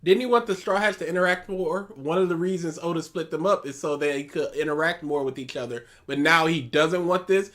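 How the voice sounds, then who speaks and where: A man co-hosting a livestream, reacting to a video in casual chat and arguing his points quickly. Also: fairly high pitch, a bit bright. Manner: argumentative, quick reactive banter. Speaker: stream co-host.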